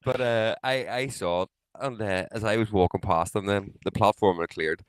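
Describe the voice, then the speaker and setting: A Northern Irish man co-hosting a podcast, telling stories in sweary, animated casual chat. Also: on the low side, moderate pace, clear, resonant tone, dry recording. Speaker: podcast co-host.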